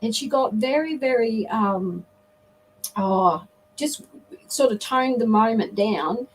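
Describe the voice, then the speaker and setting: A woman's voice: fairly high pitch, animated, slow pace, slight background noise, poor audio. A middle-aged woman, a guest on a live interview, telling a personal story in an earnest, reflective way. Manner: earnest, reflective, often acts out quoted dialogue.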